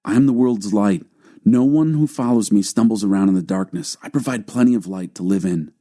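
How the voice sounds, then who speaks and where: A man reading a calm, grave male teacher. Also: fairly low pitch, brisk, close to an everyday voice. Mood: solemn.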